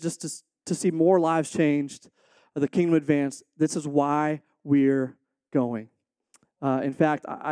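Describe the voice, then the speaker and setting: A man speaking as a missionary to a supporting church, preaching earnestly and then telling a personal story with animated, acted-out quotes. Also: high-pitched, dry recording.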